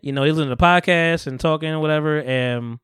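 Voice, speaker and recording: A man's voice: fairly high pitch, fast talker, clear, resonant tone, no echo, clean studio sound. A man casually retelling a movie plot on a podcast, acting out the characters' lines with slang and swearing. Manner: animated, acts out quoted dialogue with profanity and slang. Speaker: podcast host.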